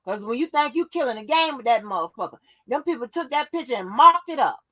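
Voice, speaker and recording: A woman's voice: high-pitched, lively intonation, fast, sharp tone. A woman hosting her own channel, delivering a profane, confrontational rant that scolds her viewers. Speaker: channel host.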